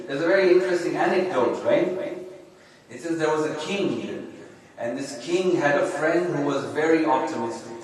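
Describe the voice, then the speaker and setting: A sheikh with a somewhat high voice delivers a sermon at an Islamic center lecture hall. The recording is echoey and distant. His style is conversational, often tagging lines with "right?" and "yeah?"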